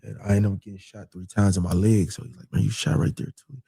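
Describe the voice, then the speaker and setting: Gravelly-voiced man telling a story. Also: on the low side, fast. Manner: animated, acts out quoted voices, repeats phrases. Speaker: guest telling a personal story. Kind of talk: casual storytelling.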